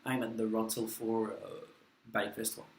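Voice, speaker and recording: A man's voice: fairly low pitch, little pitch movement, moderate pace, slight background noise. Chatty man in an echoey room. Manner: chatty, self-deprecating, rambling with fillers. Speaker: vlogger. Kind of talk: casual mukbang vlog. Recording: echoey room with faint ambience.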